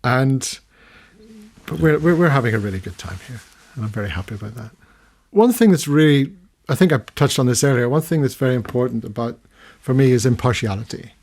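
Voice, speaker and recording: An older man from the United Kingdom speaking as a radio interview guest, his voice husky and middle-pitched. He tells stories at length, growing animated, with frequent restarts as he searches for words. Recorded on a studio microphone. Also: brisk. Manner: storytelling, animated when recounting, many restarts. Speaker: interview guest, retired documentary filmmaker. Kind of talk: long-form radio interview.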